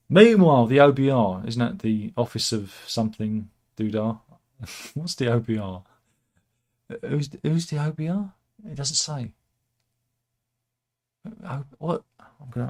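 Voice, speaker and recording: A man's voice: medium pitch, darkish tone. A man hosting casual satirical commentary on news stories, wry and rambling, with asides and restarts. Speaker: host of a satirical news channel.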